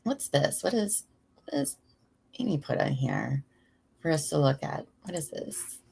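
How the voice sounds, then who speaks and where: A tired woman co-hosts a casual trial watch chat in a low, gravelly, darkish voice with big pitch swings and a measured pace; there's a little hiss or hum. Chatty, she laughs often and pokes fun at herself.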